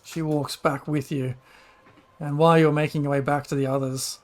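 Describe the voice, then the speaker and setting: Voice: mid-range voice, little pitch movement, moderate pace. Laughing, casual tabletop game master. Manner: casual, laughs often between narration.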